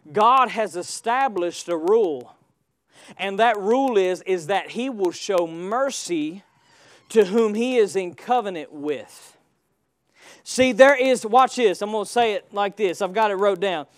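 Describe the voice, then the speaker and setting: A man, pulling the congregation into call and response. The sound is dry and close, and he swings from quiet asides to shouted lines. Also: sits high, no room sound. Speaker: preacher. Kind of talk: sermon.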